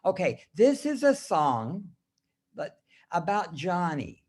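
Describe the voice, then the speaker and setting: A man teaching other teachers over a video call, telling a children's story song in a slow, sing-song way and leading the group to sing along. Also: high-pitched, big pitch swings, darkish tone. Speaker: teacher trainer.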